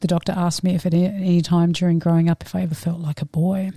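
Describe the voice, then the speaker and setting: A woman in her late forties telling personal stories in a casual interview, animated and frank, acting out the voices she quotes. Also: lowish voice, fast, no echo, clean studio sound. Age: 40s. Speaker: podcast guest.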